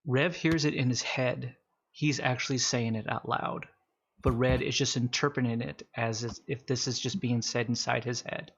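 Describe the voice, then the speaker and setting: A man running a tabletop game as game master, narrating casually with fillers and slowing down for calm scenes. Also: mid-range voice, creaky, husky, dull audio.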